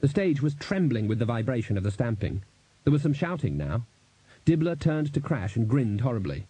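A man reads an audiobook in a measured, even storytelling manner. His voice is mellow and a little husky, recorded dry and close with no room sound. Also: mid-range voice, dry recording. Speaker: audiobook narrator. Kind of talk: audiobook reading with character voices.

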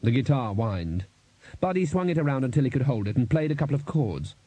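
Dark-voiced male audiobook narrator. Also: medium pitch, expressive, fairly quick, slightly rough, no echo. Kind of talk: scripted narration.

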